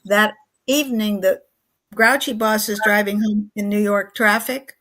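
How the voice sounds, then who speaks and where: A woman's voice: mid-range voice, fairly even intonation, unhurried, a bit bright. A woman in her eighties, a guest on a talk show, telling a story earnestly and vividly. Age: 80s. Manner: earnest, vivid storyteller who acts out quoted lines.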